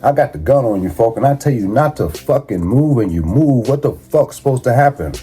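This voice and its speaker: A man with a warm, mid-range voice talks a little fast and animatedly, music running behind him. Casual and blunt, he dishes out advice in a monologue packed with cursing and street slang.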